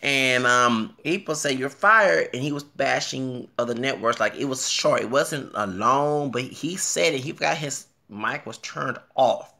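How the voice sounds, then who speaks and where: A young man from Houston with a Texan drawl talks in loose, rambling vlog commentary. His voice is gravelly with a sharp, bright edge. He gets excitable, and his pitch leaps up when something amuses him. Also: measured pace, few pauses. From Houston, Texas. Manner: chatty, excitable, laughs and jumps in pitch. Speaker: vlogger. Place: home bathroom.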